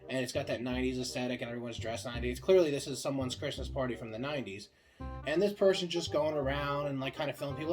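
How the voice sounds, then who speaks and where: A young man pitching show ideas in a casual comedic monologue, rambling and swearing freely, full of filler words. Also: soft background music. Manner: acts out the other characters' lines in quick bursts.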